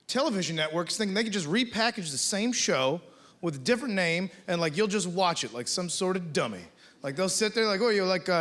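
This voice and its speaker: A man's voice: sits high, a bit bright. A man doing stand-up comedy on a club stage, rambling in a laid-back way with lots of fillers.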